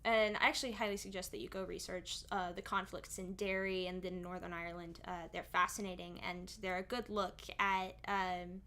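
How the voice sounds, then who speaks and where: A woman's voice: fairly low pitch, flat delivery, moderate pace, few pauses, pushed and bright. A young woman, a singer and streamer, chatting casually on stream and explaining at length with many asides.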